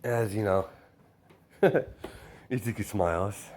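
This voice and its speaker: Guy rambling through a made-up story, lots of "you know", kinda low voice. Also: moderate pace, a little hiss or hum. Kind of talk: improvised fan story narration.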